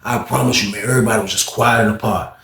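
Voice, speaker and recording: Animated New storyteller, echoey room. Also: male voice, rapid-fire. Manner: acts out other people's voices, jumps high when excited. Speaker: storyteller recounting prison life.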